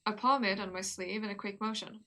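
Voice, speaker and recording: A woman's voice: medium pitch, steady tone, a little fast, bright, forceful tone, faint music behind. Giggly woman streamer reading a story. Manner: giggly, chatty with viewers. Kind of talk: casual live-stream chat and story reading.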